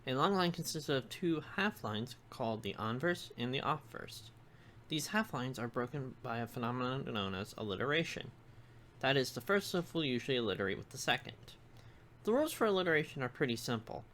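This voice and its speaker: A video lecturer giving scripted educational narration, measured and explanatory, spelling out examples one by one. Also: mid-range voice, expressive, a bit bright, slight background noise.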